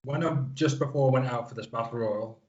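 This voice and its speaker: Thirties guest from the Isle of Man, mid-pitched, loose rambling storyteller, muffled audio. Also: fairly quick, a little mellow. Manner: rambling, lots of fillers and restarts. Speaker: guest wrestler. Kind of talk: casual interview chat.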